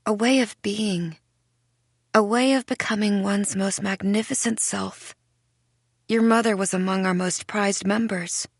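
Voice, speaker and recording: A woman voicing an eerie, cold young girl who speaks softly, smiling and half-whispering. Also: mid-range voice, fairly even intonation, unhurried, no room sound, studio quality. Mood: dreamy.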